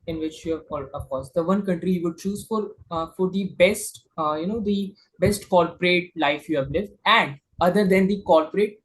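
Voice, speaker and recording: A man's voice: fairly high pitch, slight background noise, rough recording. A man interviewing a guest, asking questions politely and hesitantly, often addressing him as sir.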